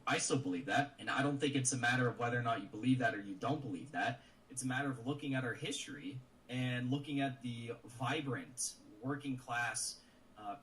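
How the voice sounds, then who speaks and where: A man's voice: medium pitch, fairly bright tone. A man giving political commentary in an earnest, lecturing way, heard in a played clip. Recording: distant clip with faint noise.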